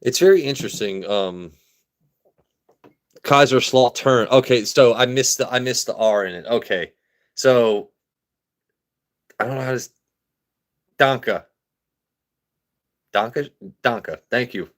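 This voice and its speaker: Here the whiskey-reviewing stream host, an American man, has a medium-pitched voice at a normal pace. He banters casually with viewers and repeats lines while reading their comments aloud.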